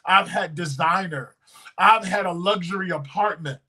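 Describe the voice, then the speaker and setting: A man in his thirties preaching a sermon as pastor, testifying with feeling and swinging from hushed moments to loud, drawn-out shouts. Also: high voice, low-quality recording. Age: 30s. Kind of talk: emotional sermon.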